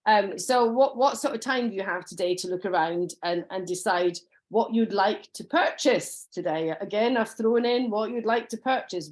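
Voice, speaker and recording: A woman runs an informal sales training session. Her voice sits a little high, and she talks in a loose, chatty way full of ums and restarts. Now and then she slips into acting out what a customer might say.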